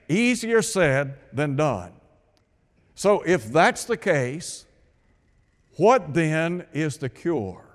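A man delivers a sermon, posing questions to his listeners and stressing scripture lines with emphasis. His voice sits a little higher than most men's. It rings out with a long reverb, as in a large hall. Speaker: preacher.

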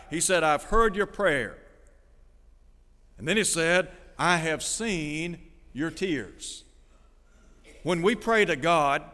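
A man's voice: a little high, fairly bright tone. Earnest man preaching in a reverberant hall. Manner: earnest, asks the listener direct questions, reads scripture aloud. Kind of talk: radio sermon.

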